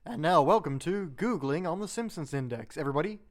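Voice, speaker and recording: A man's voice: fairly high pitch, lively intonation, a little fast. A man chatting casually on a podcast, joking and slipping into voices. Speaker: podcast co-host. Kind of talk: casual chat.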